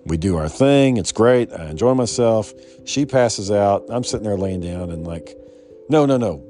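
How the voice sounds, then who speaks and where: Man, lower register, casual profane storyteller, rambling delivery with restarts, soft music bed. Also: animated, moderate pace. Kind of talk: casual personal anecdote.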